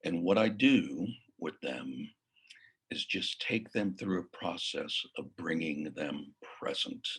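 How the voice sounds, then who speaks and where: Male mindfulness coach, husky and unhurried, casual teaching tone with soft whispered asides. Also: extremely low pitch, expressive. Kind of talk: casual spoken lesson.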